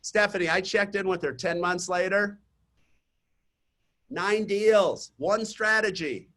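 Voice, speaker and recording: A man coaching real estate agents in a webinar, telling chatty stories to the audience and pitching his program. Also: slow pace, a bit bright. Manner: chatty storytelling, talks straight to the audience. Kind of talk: webinar presentation with sales pitch. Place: online webinar.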